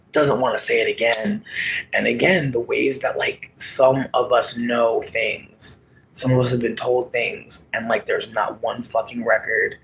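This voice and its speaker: A man in a rambling, casual monologue, swearing freely and laughing, dropping to a murmur and then bursting into shouts. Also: medium pitch, a little slow, gravelly, rough recording. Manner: profane, laughing, sudden shouts; animated, swings between murmur and yelling.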